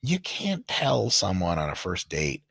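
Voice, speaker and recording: Man, podcast guest, lively swooping delivery, husky, dry close sound, swears freely. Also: low voice, measured pace, no room sound. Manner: animated, profane, acts out quoted voices. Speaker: guest coach and sports scientist. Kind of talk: casual podcast conversation.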